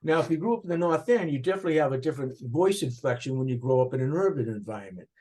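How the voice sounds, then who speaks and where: An older man with a Boston accent recalling his upbringing in an interview, animated and rambling, with frequent restarts. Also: mid-range voice, rapid-fire. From Boston area, USA. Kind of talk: reflective interview recollection.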